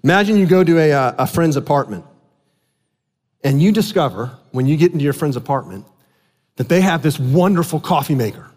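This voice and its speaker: A man preaching a sermon as pastor, animated and asking his congregation questions. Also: fairly high pitch, a little fast. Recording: long hall reverb.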